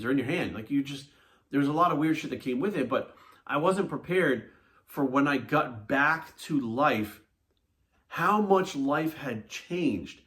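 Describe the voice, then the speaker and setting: A man, a fitness coach, telling a personal story in a blunt, animated way with a lot of swearing. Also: mid-range voice, moderate pace. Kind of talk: casual monologue to camera.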